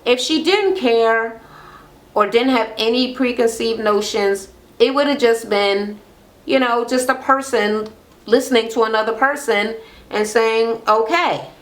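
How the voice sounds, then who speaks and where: A woman in casual chat recapping a reality show, blunt and profane, gossiping and acting out what people said. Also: a little high.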